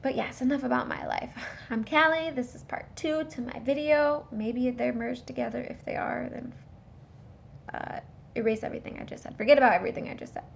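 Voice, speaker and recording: A young woman tells a story straight to her phone camera with a high, bright voice. She is animated and indignant, and she acts out what each person in the story said. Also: brisk, creaky, a little hiss or hum. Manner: animated, indignant retelling with quoted dialogue. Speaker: vlogger. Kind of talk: storytime vlog.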